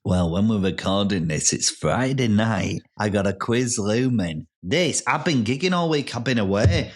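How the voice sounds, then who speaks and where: A man hosting a casual podcast chat, talking loudly and excitably, rambling with lots of restarts. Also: fairly low pitch, normal speed. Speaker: podcast host and comedian.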